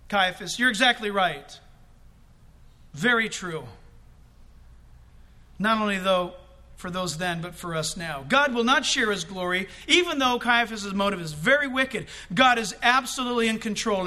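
A male pastor delivering an animated, conversational sermon in a church, with quick asides to the congregation. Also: high voice.

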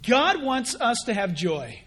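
A male pastor preaching a sermon in an animated way, acting out mock dialogues. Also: very high voice, slow pace, breathy edge.

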